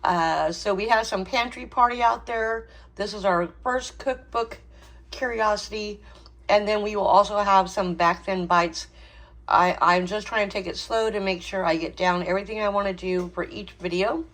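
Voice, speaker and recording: A woman's voice: mid-range voice, steady tone, normal speed, a bit bright. A woman hosting a home cooking channel, talking casually with frequent ums and small laughs. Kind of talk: casual cooking vlog chat.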